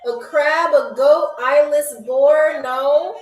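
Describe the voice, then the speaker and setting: A woman's voice: high-pitched, slow pace, recorded from a distance. A woman hosting a live-stream game show, chatty and teasing as she reads viewer comments aloud. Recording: roomy, off-mic, faint music behind. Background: faint background music.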